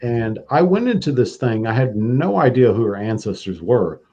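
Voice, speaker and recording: A man's voice: medium pitch, sing-song, normal speed, dark tone, husky, lo-fi sound. A man hosting a podcast, telling a story in a laid-back casual chat. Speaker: podcast host.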